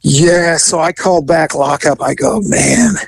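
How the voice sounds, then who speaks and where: A man hosting a podcast, telling an animated story in casual chat, acting out the voices and laughing as he goes. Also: a little high, measured pace, breathy edge, dry recording, low-quality recording.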